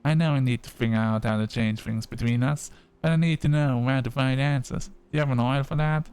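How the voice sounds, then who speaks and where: A man's voice: mid-range voice, fairly even intonation, brisk, darkish tone, clean tone, natural voice. A man doing a hesitant young woman customer. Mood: unsure.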